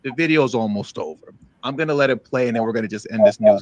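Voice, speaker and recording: A man hosting a news commentary show rants heatedly over played clips, repeating himself for emphasis. His voice is on the low side with a darkish tone, and he speaks rapid-fire.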